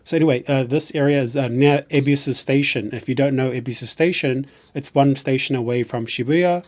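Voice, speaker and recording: A man's voice: mid-range voice, fairly quick, a little mellow. Rambling chatty New Zealand man. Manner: rambling, chatty, restarts often. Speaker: live streamer. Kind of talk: casual live stream chat.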